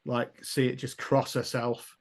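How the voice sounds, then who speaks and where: A man's voice: mid-range voice, flat delivery, measured pace. A man running and narrating a tabletop role-playing game, telling the story loosely with fillers and laughs. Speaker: game master.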